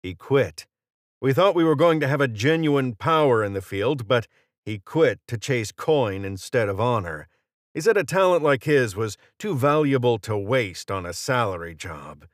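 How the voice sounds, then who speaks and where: A man reading the lines of a gruff male mercenary who talks in brusque, clipped banter. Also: medium pitch, animated, normal speed, no echo, studio quality, close to an everyday voice.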